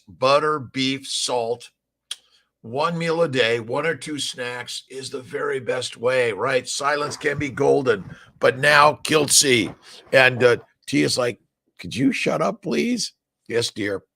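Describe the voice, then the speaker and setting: Upbeat rambling man with gravelly voice. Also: mid-range voice, fairly bright tone. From Southern California. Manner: upbeat, rambling, greets viewers by name. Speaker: livestream host. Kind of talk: casual morning livestream chat.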